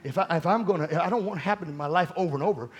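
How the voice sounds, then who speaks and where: A pastor with a drawl delivers a fervent sermon in a notably high voice. He talks straight to his congregation with casual asides, then climbs into shouting at the peaks. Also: very fast.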